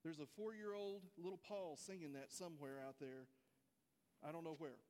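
A man's voice: high-pitched, lively intonation, moderate pace, in a large hall. A man preaching a folksy sermon, speaking straight to his congregation. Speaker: pastor. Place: church sanctuary.

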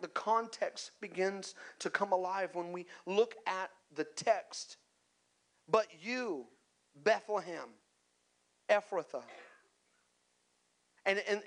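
A man with a notably high voice delivers a sermon, building to emphatic peaks and calling out to the room. He slips into casual asides between points and often repeats a word as he restarts. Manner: emphatic preaching with call-outs to the congregation; conversational asides and repeated words. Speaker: pastor.

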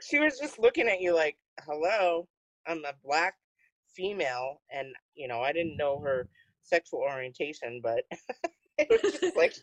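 A woman's voice: deep voice, huge pitch swings, moderate pace, no echo. A young woman co-hosting a podcast, teasing her friend and laughing in casual chat. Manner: teasing, laughs while talking. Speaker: podcast co-host. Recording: dry, dull lo-fi sound.

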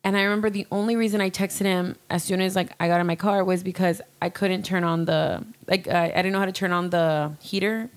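Young woman, slightly low voice, candid rambling storyteller, casual talk. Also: fairly even intonation, a little fast, hardly any pauses. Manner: candid, rambling, fillers and swearing. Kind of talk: casual chat.

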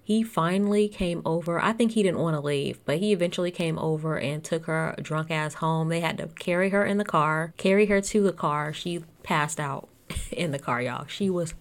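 A woman talks through a reality TV episode in a loose, chatty way, tossing in sarcastic asides and laughter. Her voice sits somewhat low for a woman. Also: normal speed. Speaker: reality TV recapper. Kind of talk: casual recap chat.

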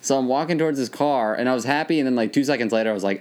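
A man's voice: medium pitch, very fast, darkish tone. A young man telling stories in casual chat, often laughing and acting out other people's voices. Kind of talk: casual storytelling.

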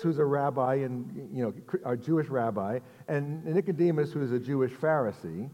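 A middle-aged man preaching a sermon in a relaxed, conversational way, mixing jokes and rhetorical asides. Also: on the high side. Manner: conversational, self-deprecating humor with rhetorical asides. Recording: long hall reverb.

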